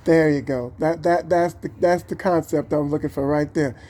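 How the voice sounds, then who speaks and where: A man's voice: fairly high pitch, fairly even intonation, moderate pace, mellow, slight background noise. A man talking to camera in a rambling, encouraging way, with many fillers, recorded outdoors. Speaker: vlogger. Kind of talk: casual talk to camera.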